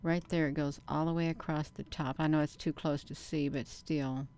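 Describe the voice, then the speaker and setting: A woman's voice: deep voice, moderate pace. A woman hosting her channel, giving casual commentary over camera footage, talking straight to her viewers and pressing her points with emphatic bursts. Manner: animated, repeatedly addresses viewers as "you all". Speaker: channel host.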